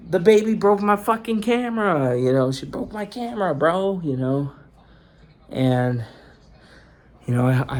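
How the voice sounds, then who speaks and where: A young man vlogging from indoors, his pitch sitting right in the middle for a man. He tells his story in a loose, rambling way, full of swearing and filler words like "you know" and "dude.". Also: darkish tone. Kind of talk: casual vlog storytelling. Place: indoors in a rented room.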